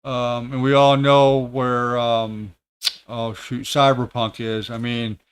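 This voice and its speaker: A man in his thirties, a tech content creator, chatting casually on a livestream with many pauses, fillers and restarts. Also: mid-range voice, little pitch movement, smooth.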